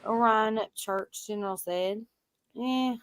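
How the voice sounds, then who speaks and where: A woman's voice: a little high, clean tone. A woman from Tennessee, hosting a casual late-night stream chat, bubbly and laughing often. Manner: bubbly, laughs a lot, drawn-out words. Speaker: live stream host.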